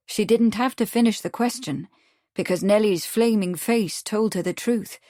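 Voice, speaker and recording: A woman reading an audiobook aloud in steady, clear storytelling narration. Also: medium pitch, normal speed, no room sound, clean studio sound. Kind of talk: scripted narration.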